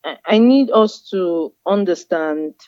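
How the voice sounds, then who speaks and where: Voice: mid-range voice, lively intonation, takes it slowly, darkish tone, no echo. Give me a patient guest speaker explaining things like a teacher, on a dry, muffled recording. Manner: patient, teacherly, repeats key phrases. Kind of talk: explanatory interview talk. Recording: dull, dry lo-fi sound.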